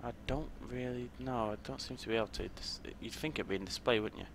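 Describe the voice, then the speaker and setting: A man's voice: mid-range voice, fast, vocal fry, noisy background. A man commentating his gameplay in a chatty way, thinking aloud as he plays. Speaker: gaming YouTuber.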